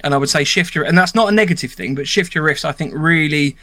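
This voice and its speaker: A man's voice: a little high, quick pace, bright, forceful tone. A man with a swollen lip, recounting things in a chatty, reflective way during a casual podcast conversation.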